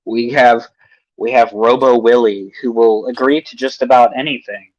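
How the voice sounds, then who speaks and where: Podcast dude swearing and poking fun at everyone, dead dry sound. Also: male voice, mid-range voice, fairly even intonation, moderate pace, no room sound, lo-fi sound. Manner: crude, mocking banter. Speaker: podcast co-host. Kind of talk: casual chat.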